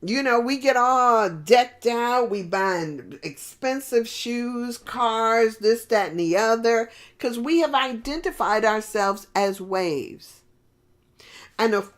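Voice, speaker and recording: A woman preaching a sermon in a rambling, conversational way with many fillers and restarts. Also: fairly high pitch.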